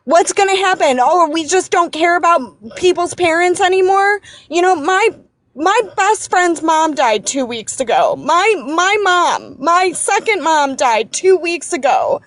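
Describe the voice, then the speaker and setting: An angry woman caller speaks fast and emphatically in a high voice. She restarts her sentences and repeats herself as she rants. The sound is dry and close. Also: animated, a bit bright, no echo. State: angry and shaken. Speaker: caller on a live stream. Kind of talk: impassioned political rant.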